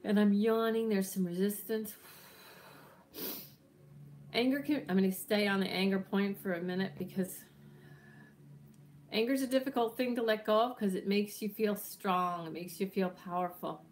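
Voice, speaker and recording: A woman leading a guided healing meditation with tapping, speaking gently and soothingly at an unhurried pace, with occasional yawns. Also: medium pitch, slight background noise.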